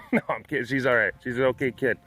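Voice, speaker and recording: A man's voice: medium pitch, steady tone, brisk, bright, forceful tone. Rambling, joking man chatting outdoors. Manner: chatty and joking, with many fillers and restarts. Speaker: vlog host and big cat sanctuary tour guide. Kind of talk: casual rambling vlog chat. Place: outdoors at a big cat sanctuary, walking around.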